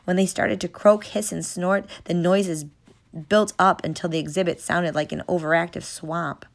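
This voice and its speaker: Low, gravelly-voiced woman narrator. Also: fairly even intonation, moderate pace. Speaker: audiobook narrator. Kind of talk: scripted storybook narration.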